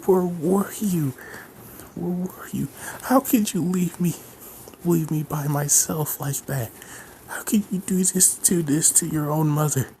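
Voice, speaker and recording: A high, shrill and frantic middle-aged mother, as a man puts her on for a homemade story. Her voice is pushed far above its usual pitch and keeps cracking into breathy, whispered gasps. She speaks slowly, weighing each word. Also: huge pitch swings, darkish tone, heavily acted. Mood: tearful.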